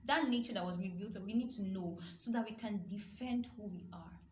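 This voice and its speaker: A woman's voice: mid-range voice, fast. Earnest woman teaching scripture. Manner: earnest, repeats herself, quotes scripture. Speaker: youth Bible study teacher. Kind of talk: Bible study teaching. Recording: echoey room with faint noise.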